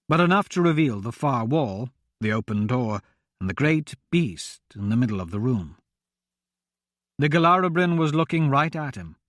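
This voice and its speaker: A man narrating a fantasy audiobook in a measured, expressive reading. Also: medium pitch, dry recording, studio quality.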